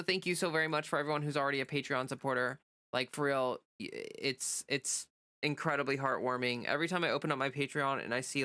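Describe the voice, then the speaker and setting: Bright, crisp-voiced woman streamer. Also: very deep voice, no room sound. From United States. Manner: rambling, halting, many fillers and restarts; reads chat comments aloud and greets viewers. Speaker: livestream host. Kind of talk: casual livestream chat.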